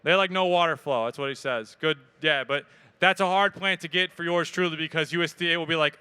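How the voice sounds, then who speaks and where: Fielding crowd questions during a live expo talk, this man speaks briskly in a high, bright, very clear voice. His delivery is casual and full of energy, with plenty of jokes. The setting is an event hall with an audience.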